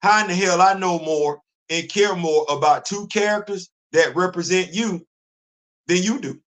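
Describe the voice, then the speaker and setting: Animated high-voiced male stream host. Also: moderate pace. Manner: animated, rhetorical questioning, repeats himself. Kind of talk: live stream commentary.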